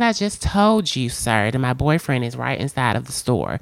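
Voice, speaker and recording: A woman from Alabama, co-hosting a casual podcast and telling stories with lively acted-out quotes. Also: extremely low pitch, normal speed, creaky, dry recording. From Alabama, USA. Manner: animated storytelling, acts out quotes. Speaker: podcast co-host. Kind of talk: casual chat.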